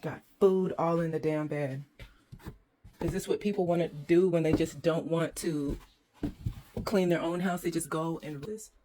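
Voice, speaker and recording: A woman's voice: deep voice, steady tone, a little slow, mellow, slight background noise. A woman hosting a walkthrough vlog, exasperated and ranting as she films indoors in a condo on a handheld phone. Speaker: host.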